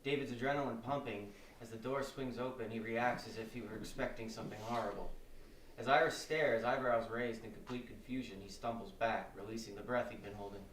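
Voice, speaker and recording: A man's voice: medium pitch, brisk, recorded from a distance. Male narrator for stage directions; roomy, echoey live-reading sound with faint background noise. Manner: steady, descriptive reading.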